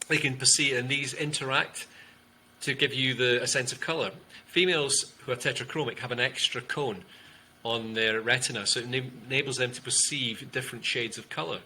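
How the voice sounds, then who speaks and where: Bright-voiced man coaching on speech. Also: mid-range voice, steady tone, slight background noise, poor audio. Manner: demonstrative, shifts loudness and uses long pauses to show tonality. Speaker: guest, communication coach. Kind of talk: explanatory interview talk.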